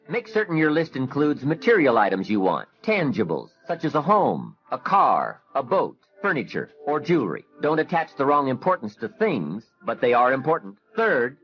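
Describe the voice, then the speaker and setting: A man giving a measured, directive motivational talk, walking listeners through a goal-setting exercise. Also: mid-range voice, lo-fi sound. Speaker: motivational speaker.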